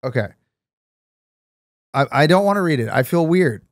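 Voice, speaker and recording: A man's voice: expressive, no echo, clean studio sound. Man in a flustered podcast argument. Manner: defensive and apologetic, climbing high and loud when upset; reads a statement aloud haltingly. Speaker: podcast co-host. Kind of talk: casual podcast chat.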